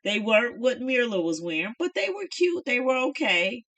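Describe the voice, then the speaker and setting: A woman's voice: on the high side, sing-song, normal speed, a bit bright. A middle-aged woman casually chatting through a reality show review in a folksy, opinionated way.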